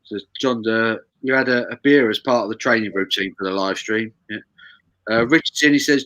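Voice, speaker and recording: An easygoing man at a mid pitch, chatting casually on a livestream. He reads viewer messages aloud in a relaxed, friendly way. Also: normal speed, dry recording, lo-fi sound. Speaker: livestream co-host. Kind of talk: casual live chat over beers.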